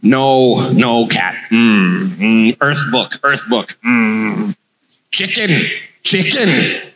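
A man's voice: expressive, fairly bright tone, a little hiss or hum, heavily acted. A man doing a bumbling Martian. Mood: puzzled. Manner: low muttering, halting, repeats yip yip. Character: bumbling male Martian alien puzzling over a phone. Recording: long hall reverb.

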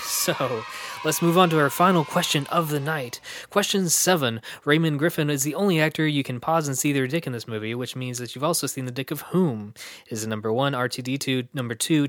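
A man's voice: mid-range voice, a little fast, fairly bright tone, slight background noise. A man hosting a podcast trivia quiz, reading questions in a playful, wry way.

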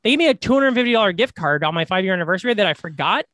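Man, high voice, podcast co-host, casual rambling chat, lots of restarts, dry close sound. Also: lively intonation, very fast, bright, forceful tone, dry recording. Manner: rambling storyteller with many restarts.

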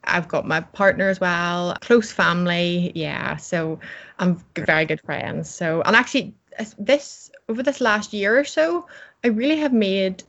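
A woman's voice: fairly low pitch, measured pace, a bit bright. Chatty cheerful woman guest. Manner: cheerful, chatty, laughs often. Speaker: interview guest, coach. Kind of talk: casual interview chat. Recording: slightly dull audio.

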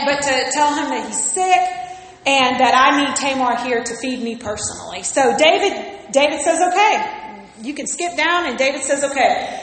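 A woman preacher telling a story as a sermon, emphatic and animated, calling on the congregation to repeat after her. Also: sits high. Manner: animated storytelling, acting out scripture voices; emphatic repetition, calls on the congregation. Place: church sanctuary. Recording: loud echo, long hall reverb.

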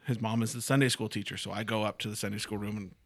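A man's voice: on the low side, fairly even intonation, racing, gravelly. A man and father of a young son, chatting casually with a wry, exasperated storytelling manner. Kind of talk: casual chat.

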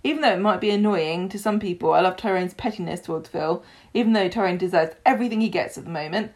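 A woman's voice: fairly low pitch, fast, a little mellow. A woman co-hosting a casual podcast, chatting and reading listener messages aloud. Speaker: podcast co-host.

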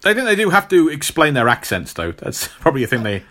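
A man's voice: a little high, wildly swooping pitch, fast talker, sharp tone. A man hosting a casual chat, retelling a comic book story in a rambling way with many fillers.

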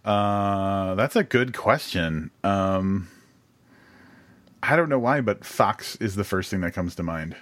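Deep-voiced man joking around casually. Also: slow. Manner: relaxed, joking, heavy casual swearing. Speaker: podcast co-host. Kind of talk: casual chat.

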